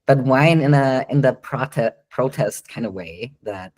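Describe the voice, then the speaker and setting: A dog trainer answering questions in a live online Q&A. The man speaks at an ordinary medium pitch in a casual, explanatory way, with frequent ums and light laughs between thoughts. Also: measured pace, a little mellow, poor audio.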